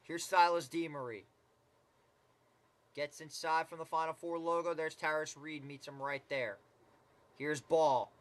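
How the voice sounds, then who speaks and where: A man's voice: on the high side, fairly even intonation, a little slow, pauses often. A man doing casual live play-by-play commentary of a basketball game, with chatty asides and mild swearing.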